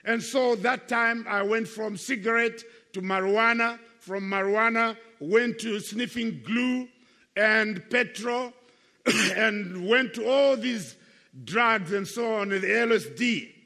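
A man's voice: high voice, slow, sharp tone, in a large hall. An older man giving an earnest, emphatic testimony sermon to young people as a Christian speaker, repeating his key phrases for weight.

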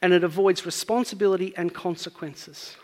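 A man's voice: high voice, steady tone, a little fast, a little mellow, long reverb tail. A man preaching a sermon, earnestly teaching and building up to emphatic points.

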